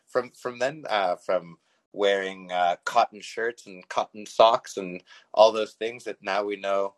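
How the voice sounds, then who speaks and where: A man's voice: fairly low pitch, poor audio. A middle-aged man from Canada telling a personal story as a podcast host, rambling with many fillers and chuckling as he goes. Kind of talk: casual storytelling.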